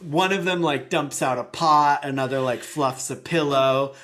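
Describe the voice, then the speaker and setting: A woman's voice: low-pitched, steady tone, a little slow, fairly bright tone. A woman co-hosting a podcast, animatedly retelling a cartoon episode and dropping into silly voices for the characters. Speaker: podcast co-host. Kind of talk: casual chat recapping a cartoon episode.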